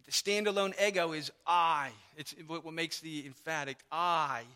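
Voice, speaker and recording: A pastor preaches to his congregation, his voice pitched high and bright. He explains with animated emphasis. The church hall gives his words a long reverb. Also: normal speed, clean tone. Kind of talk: sermon. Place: church sanctuary.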